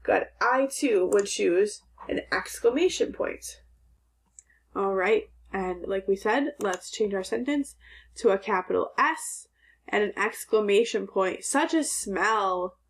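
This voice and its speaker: A woman teaching a phonics and punctuation lesson to young children, speaking slowly and clearly, asking questions and praising answers. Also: mid-range voice.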